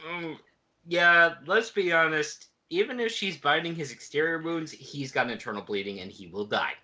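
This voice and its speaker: A man recapping a book on a casual podcast and slipping in dry, jokey asides. His voice is a touch high and bright, with lively ups and downs in pitch. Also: normal speed. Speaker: podcast co-host. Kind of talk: casual book discussion chat.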